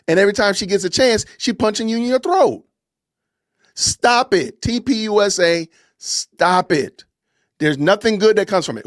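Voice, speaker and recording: A man with a fairly high voice ranting on his podcast, hammering the same commands over and over in a preachy, emphatic way. The sound is dry and close, with no room around it. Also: no room sound. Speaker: podcast host. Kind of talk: impassioned commentary rant.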